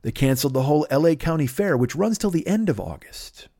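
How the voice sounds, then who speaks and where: A man's voice: a little high, lively intonation, fairly quick, dark tone, dry recording, studio quality. A man hosting a comedy podcast, ranting with sarcasm and heavy swearing and acting out other people in put-on voices. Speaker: podcast host. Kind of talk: profane comedic rant.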